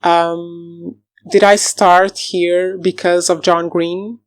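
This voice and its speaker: A woman with a slightly low voice chats through her reading pile in a casual book vlog. She is enthusiastic and laughs often, correcting herself mid-sentence as she goes. The sound is dry and close. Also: flat delivery, extremely slow, dry recording. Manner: rambling, self-correcting asides. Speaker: book vlogger.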